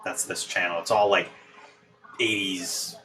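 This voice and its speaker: Slow-talking man chatting on a live stream. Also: sits low, rough recording. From United States. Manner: relaxed, rambling, talks to chat while working. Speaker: live-stream host building models. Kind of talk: casual live-stream chat. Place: hot apartment.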